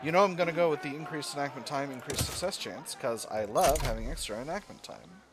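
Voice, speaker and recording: A man's voice: a little high, fairly quick, background noise. A man casually commenting on his strategy game as he plays, thinking aloud and often correcting himself. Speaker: let's play gamer. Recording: game music playing underneath.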